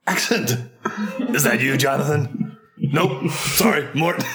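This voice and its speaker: A man voicing a male adventurer who plays therapist to his party, probing and playful in a tabletop role-play. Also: medium pitch. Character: mock-therapist male adventurer, coaxing and jokey. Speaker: player.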